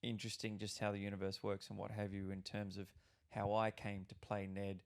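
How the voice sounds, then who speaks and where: A young Australian actor talking casually on a podcast, rambling and swearing freely with lots of restarts. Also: male voice, fairly low pitch, completely flat delivery, fairly quick, vocal fry.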